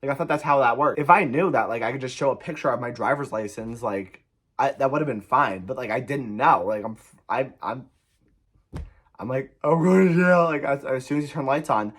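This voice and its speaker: A young man from New Jersey telling a frantic, profane storytime in a rambling, animated way. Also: medium pitch. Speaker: vlogger. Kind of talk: storytime vlog.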